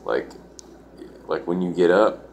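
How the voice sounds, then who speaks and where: A man's voice: low voice, takes it slowly, a little mellow, slight background noise. A man telling a story in a rambling, casual way, filling his talk with "like" and swearing. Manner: rambling, full of "like" and profanity.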